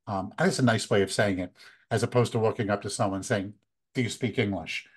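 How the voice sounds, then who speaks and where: A man's voice: lowish voice, fairly quick, breathy edge. American man in his fifties giving tips. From United States. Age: 50s. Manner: relaxed and conversational, with many uh fillers. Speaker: photography workshop leader. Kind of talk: casual talk, practical travel tips.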